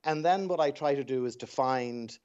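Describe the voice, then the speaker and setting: Irish male dialect coach, mid-pitched voice, reflective storyteller, muffled lo-fi line. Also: normal speed, a little mellow, smooth. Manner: reflective, anecdotal, with frequent restarts. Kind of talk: radio interview guest.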